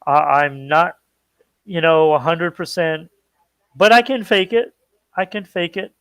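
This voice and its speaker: A male talk show co-host chatting casually about pop culture and his followers. He speaks slowly, in a somewhat high voice. The sound is dry and close on the mic. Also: expressive, fairly bright tone, smooth, dry recording. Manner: chatty, plugs channels, trails off and restarts.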